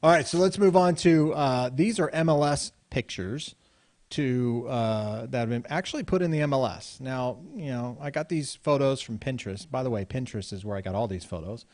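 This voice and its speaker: A man hosting a casual real estate talk show, relaxed and laughing along as he moves between segments. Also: mid-range voice, normal speed. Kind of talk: casual banter.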